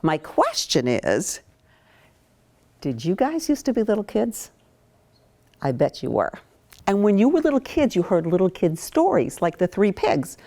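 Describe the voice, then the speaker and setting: A woman's voice: mid-range voice, very animated, measured pace, pauses often, warm tone. A woman from Maine, a children's author, giving an interactive lesson to young children and coaxing the class to join in. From Maine, USA.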